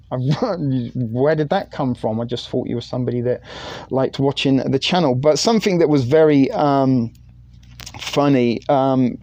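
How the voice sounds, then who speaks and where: A man's voice: medium pitch, dark tone, no room sound, lo-fi sound. A man hosting a livestream, telling a rambling story to his viewers in a casual chat with fillers. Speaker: livestream host.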